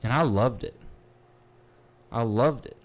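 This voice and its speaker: A man hosting a wrestling recap livestream, talking casually, excitable and blunt, swearing freely. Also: mid-range voice, slow. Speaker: podcast host.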